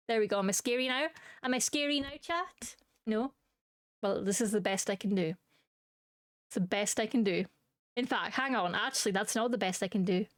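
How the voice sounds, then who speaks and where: A woman streamer with a slightly high voice speaks at normal speed with long pauses, recorded clean in the studio without echo. Her casual chat with viewers is playful, giggly and silly, full of jokes and laughter.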